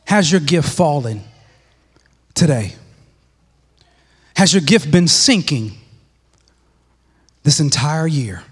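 Guy preaching in church, emphatic, repeats himself, goes quiet for effect, lots of long reverb. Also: animated, takes it slowly, pauses often, breathy edge. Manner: emphatic, repeats phrases, drops to hushed lows. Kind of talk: sermon.

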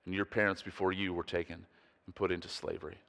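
A man's voice: sits low, level tone, quick pace, gravelly, a bit bright, long reverb tail. A man preaching a sermon in an earnest, emphatic way, putting pointed questions to his listeners. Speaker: pastor.

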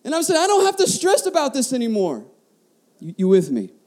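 A man's voice: very high voice, wildly swooping pitch, brisk, darkish tone. A man preaching a sermon as a pastor, passionate, often repeating words and asking the congregation questions.

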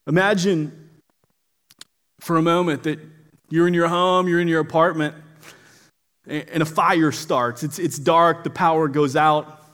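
A man's voice: fairly high pitch, steady tone, measured pace, long pauses, fairly bright tone. A man preaching a sermon in an earnest way, often stumbling and repeating words as he starts a phrase.

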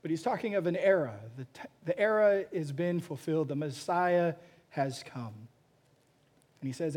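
A pastor preaching a sermon, telling a story with frequent restarts and repeated words. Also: male voice, fairly high pitch, moderate pace, a little mellow.

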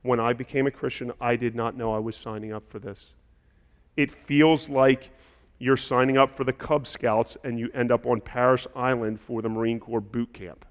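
A man preaching a sermon as a pastor, impassioned and building to loud, emphatic delivery. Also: mid-range voice, flat delivery, moderate pace, in a large hall.

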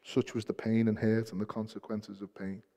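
A man preaching a sermon as pastor, shifting between soft, hushed passages and loud, emphatic peaks, repeating key phrases for weight. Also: fairly low pitch, level tone, normal speed. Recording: long hall reverb.

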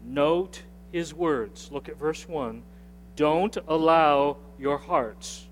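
A pastor with a slightly high voice preaches very slowly and conversationally in a church sanctuary with a screen, repeating phrases and inviting the congregation to answer back. The sanctuary gives a long hall reverb, and there is slight background noise.

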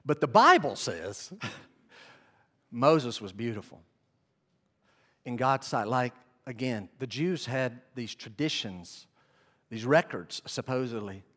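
A man preaching a sermon, telling the story with animated swings between hushed and loud. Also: medium pitch, takes it slowly, long pauses. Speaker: pastor. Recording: long hall reverb.

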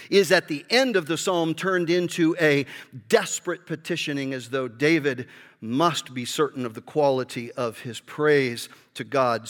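A man preaching a sermon with passion, rising to loud emphasis and dropping to soft, low asides. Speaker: pastor. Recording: hall reverb.

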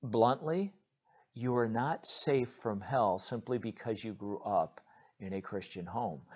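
A man with a fairly low voice preaches in an earnest, direct way, stopping on fillers and repeating words as he goes. The recording sounds dull and lo-fi, with its top end muffled. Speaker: pastor. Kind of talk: sermon.

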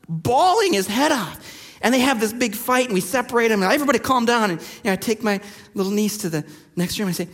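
A male pastor preaching a sermon in a relaxed, conversational way, telling stories with many fillers. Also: high-pitched, fast talker, in a large hall.

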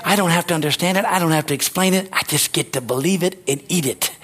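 A man's voice: on the high side, fast, a bit bright. A man preaching a sermon, exhorting his listeners with rising energy, rambling at times with restarts.

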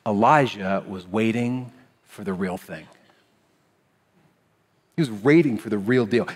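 A man preaching a sermon as pastor, in a conversational style that swings between hushed, low moments and animated passages. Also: long reverb tail.

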